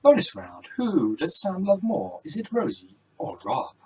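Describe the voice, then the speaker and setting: A man's voice: high voice, wildly swooping pitch, a little slow, a little mellow, husky, recorded from a distance, pitched above the performer's own voice, full character voice, rough recording. A man doing a clumsy Welsh-accented impression of a smug male game-show host with mock-formal quizmaster patter. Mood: excited. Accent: put-on Welsh.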